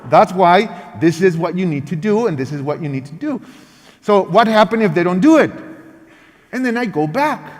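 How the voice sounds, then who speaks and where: A man with a high, very lively voice leads a parenting workshop, speaking in an emphatic, animated teaching manner with non-native English phrasing. His words ring out with the long reverb of a large church hall. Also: normal speed. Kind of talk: lively teaching talk acting out parent and child lines.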